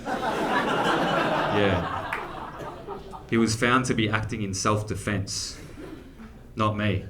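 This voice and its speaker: A man's voice: lowish voice, sing-song, very slow, very noisy. A man with an Australian accent performing a crude, self-mocking stand-up comedy set on a theatre stage.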